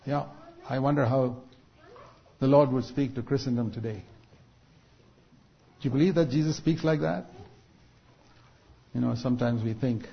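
A man preaching a sermon, building to loud, drawn-out emphasis at key points. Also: medium pitch, steady tone, creaky. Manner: rises to loud, drawn-out emphasis on quoted rebukes. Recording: dull lo-fi recording.

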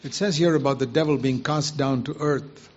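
A man's voice: mid-range voice, moderate pace. A man preaching a sermon, earnestly putting rhetorical questions to his listeners. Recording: muffled lo-fi recording.

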